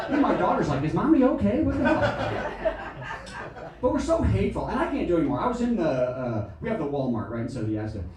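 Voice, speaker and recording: A middle-aged American comedian works a small theatre stage, his rather high voice leaping up and down as he acts things out. He sounds a little distant from the mic in a very echoey room, and audience laughter comes through behind him. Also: moderate pace, pauses often, crowd noise. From United States. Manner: animated, exaggerated, acts out shrill voices. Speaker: stand-up comedian. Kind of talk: stand-up comedy set.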